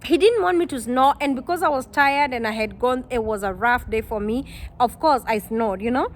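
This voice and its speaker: A woman, a vlogger telling a personal story to her viewers, animated and exclaiming, quoting people in dialogue. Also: a little high, moderate pace. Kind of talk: storytime vlog.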